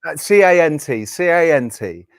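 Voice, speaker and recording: A man's voice: on the high side, expressive, normal speed, smooth, no echo, studio quality. A man co-hosting a casual podcast, playful and teasing, swearing casually. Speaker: podcast co-host. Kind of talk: casual chat.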